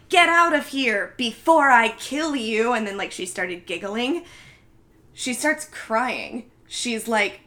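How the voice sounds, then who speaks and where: Woman, casual storyteller, bright tone, chatty and animated, acts out quotes. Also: mid-range voice. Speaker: podcast co-host recapping a film. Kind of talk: casual chat.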